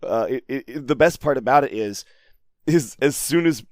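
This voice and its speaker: A man's voice: medium pitch, moderate pace, a little mellow, dry recording. A man co-hosting a podcast in casual chat, rambling with restarts and quoting movie lines. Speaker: podcast co-host.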